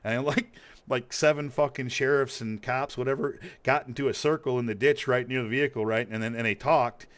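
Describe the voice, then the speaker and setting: A man's voice: mid-range voice, fairly even intonation, brisk, fairly bright tone. A man with a slight Montana accent, a streamer telling a long story in casual, rambling talk, cursing freely and laughing often. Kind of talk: casual storytelling while gaming.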